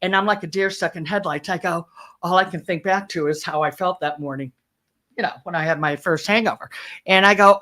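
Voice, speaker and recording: A middle-aged woman, a justice of the peace, chatting as a radio guest, telling lively anecdotes and acting out the quoted lines. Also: fairly low pitch, a little fast. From Irish Catholic family of ten kids. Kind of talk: casual radio chat, storytelling.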